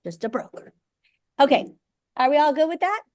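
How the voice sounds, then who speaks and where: A middle-aged woman leads a live training class for agents. Her voice sits a little high. She talks bluntly and briskly, stopping often to check that the room follows her. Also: expressive, a little mellow. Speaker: real estate broker teaching agents.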